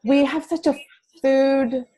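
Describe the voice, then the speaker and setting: A woman's voice: high voice, fairly even intonation, slow pace, mellow, faint music behind, rough recording. A middle-aged woman, a parent advocate, talking earnestly as an interview guest, with frequent restarts. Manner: earnest, talkative with many restarts. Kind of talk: interview talk.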